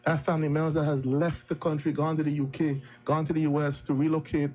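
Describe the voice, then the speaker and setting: A man's voice: on the high side, flat delivery, quick pace. A man, an opposition politician, giving an earnest, critical speech at a live event, with frequent restarts. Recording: dull lo-fi sound.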